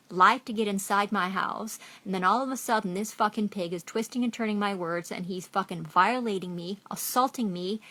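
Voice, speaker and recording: A woman's voice: mid-range voice, fairly bright tone. A middle-aged woman ranting furiously into the camera, profane and accusatory, repeating herself as she goes. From Canada. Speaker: vlogger. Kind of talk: angry rant to camera.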